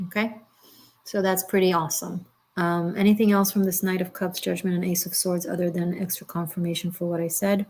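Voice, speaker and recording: Woman giving a halting, gentle tarot reading. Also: fairly low pitch, flat delivery. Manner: rambling, halting, with many fillers and restarts; gentle and reassuring. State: emotional, near tears. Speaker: tarot reader. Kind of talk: live-streamed tarot reading.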